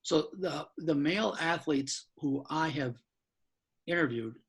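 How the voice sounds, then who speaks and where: Husky-voiced older man, blunt and frank. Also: on the high side. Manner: frank and blunt, with mild swearing and quick asides. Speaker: law professor and author giving a talk. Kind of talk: candid lecture-style talk. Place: his apartment.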